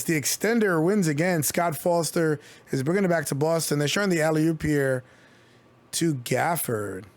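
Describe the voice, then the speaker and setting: A man streaming live basketball commentary, calling plays in a casual, chatty way with jokey asides. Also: a little high. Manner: chatty, jokey asides between play calls. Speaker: streamer giving play-by-play commentary.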